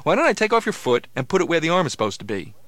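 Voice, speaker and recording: A quick-talking man with a lively, bouncing voice banters through a comedy sketch. He sounds playful and mock-helpful, recorded close and dry. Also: a little high, no room sound.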